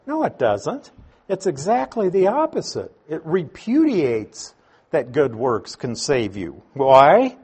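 Slow, husky-voiced male preacher. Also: on the high side, huge pitch swings, darkish tone. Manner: slow, deliberate teaching with emphatic stresses. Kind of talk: sermon.

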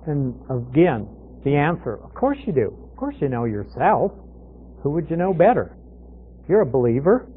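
Guy teaching the bible on the radio, kinda high voice, sounds thin like a phone line. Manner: conversational, poses questions and answers them himself. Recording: tinny phone-like radio broadcast.

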